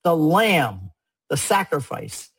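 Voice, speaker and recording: A man talks through religious imagery in an earnest, emphatic way, circling back to repeat what matters. His voice sits a little high and has a husky edge. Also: sing-song, slow, a bit bright, low-quality recording. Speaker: guest speaker on religious art. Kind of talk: conversational explanation.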